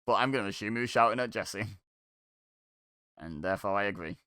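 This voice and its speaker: Wry man with a smooth voice. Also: fairly low pitch, fairly quick, bright, forceful tone, dry recording, studio quality. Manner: wry, sarcastic, chuckles to himself. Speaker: watch-along host. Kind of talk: casual live reaction commentary.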